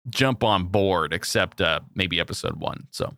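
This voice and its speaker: A man co-hosting a casual podcast, talking playfully with quick asides. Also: deep voice, vocal fry, sharp tone, no echo, studio quality. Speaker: podcast co-host.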